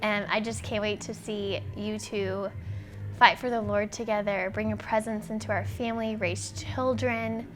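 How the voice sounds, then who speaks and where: A woman from the bride's family giving an excited, effusive wedding video message. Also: mid-range voice, normal speed, faint music behind.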